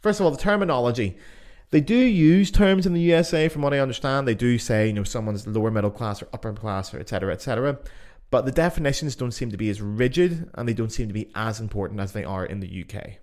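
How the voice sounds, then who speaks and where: A young man with a softened Belfast accent, hosting a solo podcast and giving blunt, opinionated views with plenty of swearing. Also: mid-range voice, expressive, fast. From Northern Ireland. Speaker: podcast host.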